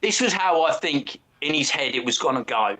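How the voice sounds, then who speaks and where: A man with a London accent talks in a bright, forceful voice, pitched a little high. He tells stories bluntly and swears freely in casual chat as a co-host. His delivery is animated and loud. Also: normal speed. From England. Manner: blunt, profane, animated storytelling.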